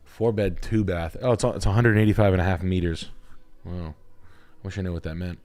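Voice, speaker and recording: A lowish male voice, loose and profane, hosting a live stream where he reacts to house listings. He swings into excited, swearing riffs and jokes as he goes. The delivery is casual chat rather than polished presenting. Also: fairly quick. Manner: excitable, heavily profane, jokey riffing. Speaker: realtor and stream host.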